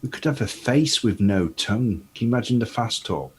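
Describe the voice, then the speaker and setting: A man's voice: lowish voice, lively intonation, brisk, slightly rough. A man playing a tabletop game, describing his character's actions step by step. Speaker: player. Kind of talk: casual tabletop play.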